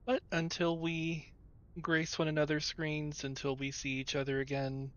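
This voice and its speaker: A man's voice: on the high side, monotone, moderate pace, a bit bright. A man streaming a game, signing off casually to his viewers in a rambling, affectionate way with plenty of filler words. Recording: muffled lo-fi audio with faint music. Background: faint background music.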